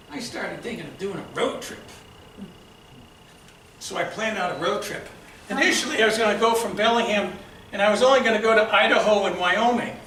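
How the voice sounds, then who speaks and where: A man with a Boston accent giving a prepared storytelling speech at a club meeting, a lively storyteller who acts out shouted quotes. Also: high voice, a little hiss or hum. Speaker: club speaker. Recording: echoey room from far off.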